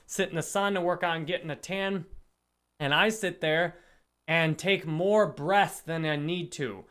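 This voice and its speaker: A man's voice: high voice, a bit bright, smooth. A man hosting a casual livestream book discussion, talking earnestly and greeting viewers in the chat. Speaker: livestream host.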